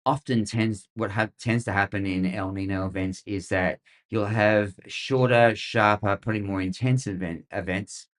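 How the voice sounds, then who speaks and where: Aussie guy ranting sarcastically about weather hype, lowish voice, lots of ums. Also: steady tone, normal speed, few pauses. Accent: Australian. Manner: sarcastic, rambling, many fillers. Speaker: weather podcast host. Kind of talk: casual commentary.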